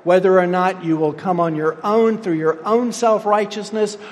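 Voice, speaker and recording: A man's voice: sits high, fairly even intonation, normal speed, big-room sound, a little hiss or hum. A man preaching a sermon, stressing his points with rising emphasis and quoting scripture figures. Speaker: pastor.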